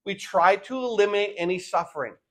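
High-voiced older man preaching a sermon. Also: fairly quick. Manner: rhetorical questions, repeats words, acts out quoted voices. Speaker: pastor.

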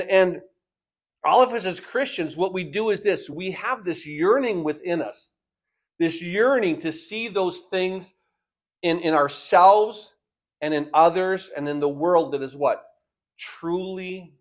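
An older man, a pastor, preaching a sermon, asking his listeners rhetorical questions and acting out the voices he quotes. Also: high-pitched.

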